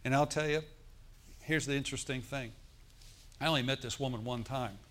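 A man's voice: medium pitch, moderate pace, fairly bright tone. A middle-aged male pastor preaching a sermon in a church, telling a story with emphatic bursts.

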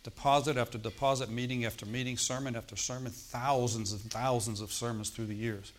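A man's voice: medium pitch, fairly even intonation, fairly quick, slight background noise. A man preaching a sermon, telling a personal testimony in a conversational way and often checking in with the congregation. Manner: conversational preaching, frequent "Okay?" check-ins.

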